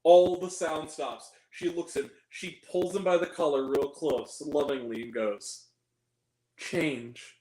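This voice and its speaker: A man's voice: a little high, steady tone, unhurried, mellow, echoey room, rough recording. A man ranting through a film review, sarcastic and exasperated, often laughing at the movie.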